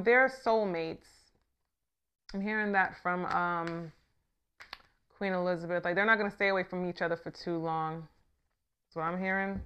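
Sassy chatty woman reading tarot cards. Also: mid-range voice. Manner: chatty and sassy, drops from murmurs to loud bursts. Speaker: tarot reader and channel host. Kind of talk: casual tarot reading to camera.

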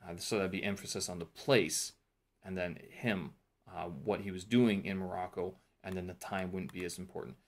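Low-voiced man rambling through his notes. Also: fairly even intonation, normal speed. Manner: rambling, thinking aloud with fillers and self-corrections. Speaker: vlogger reviewing a teacher training course. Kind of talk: casual talk-through vlog.

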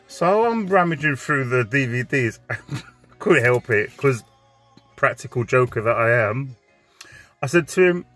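A man's voice: medium pitch, lively intonation, unhurried, pauses often, a bit bright, no room sound, soft background music. A man telling a crude comic story in a chatty, joking way.

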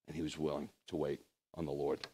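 A man, a rabbi, preaching a lively sermon full of rhetorical questions and conversational asides. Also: rumbling low, fairly quick, breathy edge.

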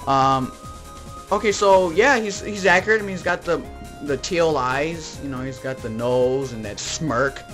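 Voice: medium pitch, measured pace, a bit bright, soft background music. A YouTuber from Texas hosting a jokey, rambling comedic toy review with plush skits. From Texas, United States.

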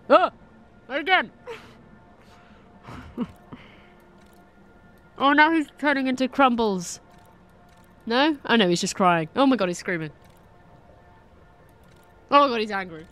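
A woman's voice: fairly low pitch, a bit bright. A young woman commentating a game she is playing for the first time, reacting to what she sees with frequent laughs and nervous exclamations. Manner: reactive, giggly, easily spooked. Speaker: game streamer. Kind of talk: let's play commentary.

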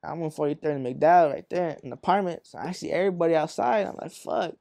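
A man's voice: fairly high pitch, fast, gravelly, warm tone. A man from Arizona, a rapper being interviewed, telling long stories in profane street slang with lots of fillers and acting out the voices of people in them. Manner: acts out voices in his stories. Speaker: rapper guest. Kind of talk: casual storytelling interview.

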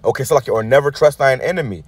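Talking fast in a mid-range, slightly rough voice, a man gives a furious, preachy take on a news clip, with no echo on the audio. This street preacher is expressive, blunt and profane, with frequent restarts and one tag word he keeps coming back to.

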